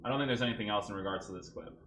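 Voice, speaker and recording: In an echoey room, a gaming YouTuber reviews his own clips with a lowish, slightly bright voice, talking rapid-fire. He rants in exasperation and keeps checking in with "right?".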